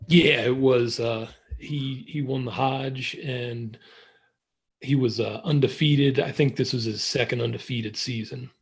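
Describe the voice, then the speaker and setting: Husky man around forty. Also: mid-range voice, steady tone, measured pace. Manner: thoughtful, self-deprecating. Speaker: podcast guest. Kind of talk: casual chat.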